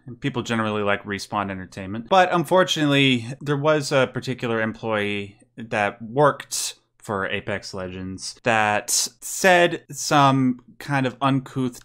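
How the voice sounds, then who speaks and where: A man hosting a casual chat show, presenting news topics in a steady, opinionated way. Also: mid-range voice. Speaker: podcast host presenting news.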